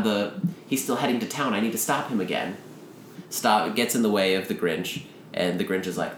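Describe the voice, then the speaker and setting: A man in casual chat who rambles through a story pitch and acts out the characters' lines in quick asides. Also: roomy sound, slight background noise.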